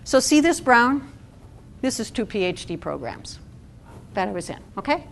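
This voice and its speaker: A woman's voice: fairly high pitch, sing-song, normal speed, vocal fry, slight background noise. A middle-aged woman giving a talk to an audience at a support event, conversational and asking the room questions.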